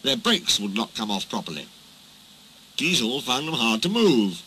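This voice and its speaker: A man narrating a children's storybook in a slow, expressive storytelling manner. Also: medium pitch, slight background noise, rough recording.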